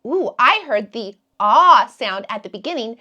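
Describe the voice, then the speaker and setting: High, lively teacher woman for little kids. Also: lo-fi sound. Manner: slow, sound-stretching, encouraging teacher talk. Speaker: kindergarten teacher. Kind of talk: children's phonics lesson.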